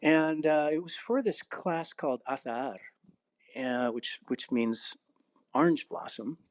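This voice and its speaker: A man who is an actor, narrator and acting coach, talking reflectively in an interview and telling stories with a laugh, slowing down on key phrases. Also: on the high side, no echo. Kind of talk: casual interview conversation.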